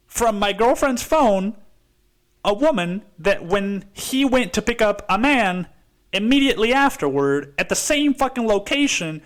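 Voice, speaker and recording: A man's voice: high voice, a bit bright. A man from Mexico, hosting a podcast and telling a story in a casual, profane way, saying "dude" constantly. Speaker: podcast host.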